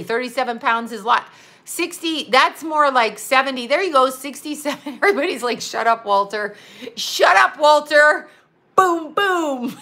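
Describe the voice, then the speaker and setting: A woman's voice: a little high, pushed and bright. A middle-aged woman from Canada, chatting bluntly and with lots of swearing on a livestream while reading comments. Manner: blunt, profane, chatty, laughing often. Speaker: livestream host reading chat. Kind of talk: casual livestream chat.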